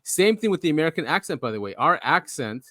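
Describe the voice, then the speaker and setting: A man's voice: a little high, very animated, fast talker, bright, forceful tone, no room sound, studio quality. A man hosting a podcast in casual chat, chatty and eager to explain things. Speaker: podcast host.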